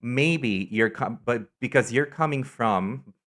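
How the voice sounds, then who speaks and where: A man's voice: mid-range voice, slow pace, fairly bright tone. A man streaming a card game, chatting casually with viewers in English, which isn't his first language, often breaking off and restarting his sentences. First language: not English.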